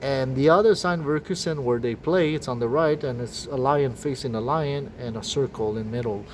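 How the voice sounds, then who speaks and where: A man's voice: mid-range voice, a little hiss or hum. Rambling French-accented man, swearing. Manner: profane and agitated, with halting restarts. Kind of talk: rambling spoken monologue.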